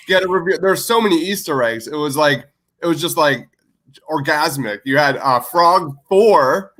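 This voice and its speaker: A man's voice: on the high side, pushed and bright. A man co-hosting a podcast in casual chat, enthusiastic and full of filler words. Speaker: podcast co-host.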